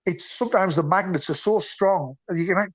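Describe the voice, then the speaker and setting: A man, on as a guest musician, talks in a rambling, earnest way and keeps trailing off mid-sentence. His voice sits a little high. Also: a little fast, husky. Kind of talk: casual chat.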